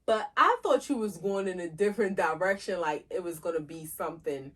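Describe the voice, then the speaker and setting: A woman's voice: fairly low pitch, expressive, brisk, a bit bright, slightly rough. A woman co-hosting a podcast in casual chat, thinking aloud and asking questions. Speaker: podcast co-host.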